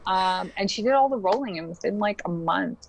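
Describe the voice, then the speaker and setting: A woman's voice: mid-range voice, expressive, brisk, low-quality recording. A young adult woman chatting casually as a podcast guest, laughing often and filling her talk with likes and ums. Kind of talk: casual interview chat.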